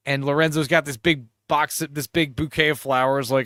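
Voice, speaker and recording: A man's voice: on the high side, fairly even intonation, normal speed, sharp tone, no echo, studio quality. A man casually discussing a movie with a friend, animatedly retelling scenes and acting out the characters. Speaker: podcast co-host.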